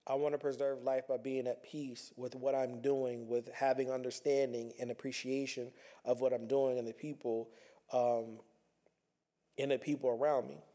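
A man's voice: mid-range voice, flat delivery, moderate pace, dark tone. A man talking earnestly in a reflective personal monologue, conversational and repeating himself as he works through his thoughts.

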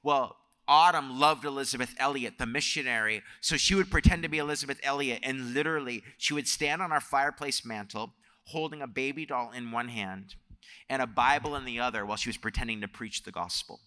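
In a church sanctuary, a male pastor shares family stories during his sermon and builds into emphatic preaching. His medium-pitched voice is bright and forceful, fairly quick, and the hall adds a long reverb.

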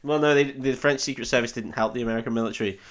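A man's voice: mid-range voice, fairly even intonation, rapid-fire, slight background noise. Rambling, swearing podcast co-host, a man. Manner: rambling, swears freely, laughs while acting out lines. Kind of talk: casual film recap chat.

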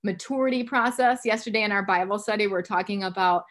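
A woman's voice: medium pitch, fast. A woman in her fifties hosting a faith interview podcast, talking in a chatty way with many asides. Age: 50s. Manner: chatty, warm-hearted asides with many fillers. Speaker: podcast host. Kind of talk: conversational interview.

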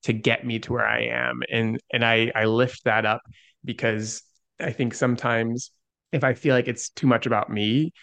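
A young man talks earnestly as an interview guest, his words full of "like" as he tells a story. His voice has a gravelly fry. The sound is dry and close. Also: mid-range voice, fairly even intonation, moderate pace, a bit bright, dry recording. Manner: earnest, many "like" fillers. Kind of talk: conversational storytelling.

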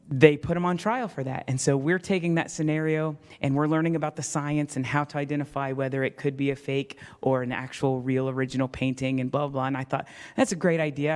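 Self-mocking pastor preaching in a reverberant church. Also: male voice, on the high side. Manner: storytelling, self-mocking, acts out voices in quotes. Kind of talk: sermon. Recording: long reverb of a church hall.

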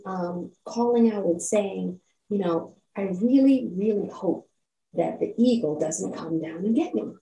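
A woman's voice: medium pitch, dark tone, recorded from a distance. A woman hosting a motivational self-help podcast, who keeps checking in with "right?" and invites listeners to lean in. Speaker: podcast host. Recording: roomy echo, off-mic.

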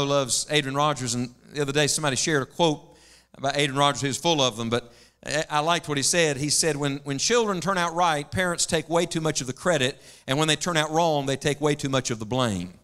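A man's voice: fairly high pitch, bright, forceful tone, clean tone. A man preaching a sermon to a congregation, earnest and preacherly, often quoting others aloud.

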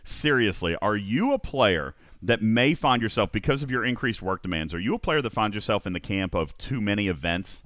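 A man's voice: on the low side, animated, fairly quick, hardly any pauses, fairly bright tone, no echo, studio quality. A man hosting a podcast, reading comedic news bits and chatting, often laughing through his own jokes. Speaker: podcast host.

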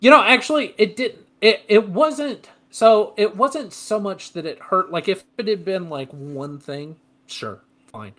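A man's voice: high-pitched, unhurried, hardly any pauses. A man co-hosting a podcast who tells long rambling stories in casual chat. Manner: animated, rambling storyteller. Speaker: podcast co-host.

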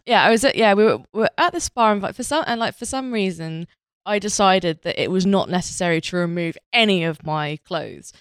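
A woman's voice: medium pitch, expressive, brisk, clean tone, no room sound, studio quality. A woman hosting a podcast, telling a rambling, self-mocking story full of filler words. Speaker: podcast host.

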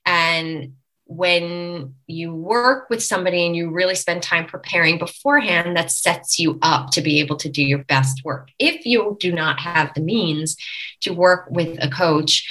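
A woman from Long Island, a dialect coach, giving animated, instructive explanations as a guest in a podcast interview. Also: on the low side, poor audio. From Long Island, New York.

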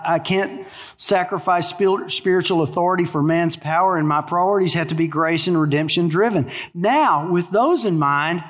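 A male pastor preaching a sermon, telling stories and letting his voice sink low and hushed in the sad parts. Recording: long reverb of a large hall.

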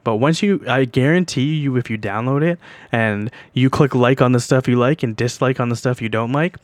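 A man's voice: mid-range voice, normal speed, no room sound. Rambling, foul-mouthed young man. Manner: rambling, profane, laughs while telling. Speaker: podcast host. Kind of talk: casual storytelling monologue.

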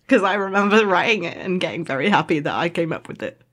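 A woman's voice: on the low side, expressive, brisk, a bit bright. A woman co-hosting a book podcast in a casual chat, joking and laughing often. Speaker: podcast co-host.

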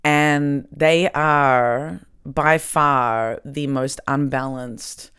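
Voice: medium pitch, steady tone, drawn-out words, a bit bright, smooth. A podcast host with an Australian accent, chatting in a rambling, hedging way. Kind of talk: casual podcast chat.

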